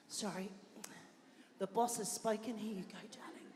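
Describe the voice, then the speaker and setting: A woman's voice: mid-range voice, fairly even intonation, normal speed, long pauses, a little mellow, slightly rough. A woman with a New Zealand accent, MCing a live festival, chatty and affectionate with the crowd. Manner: chatty and affectionate, calls people darling. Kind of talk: live event MC, handing out and announcing. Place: festival venue.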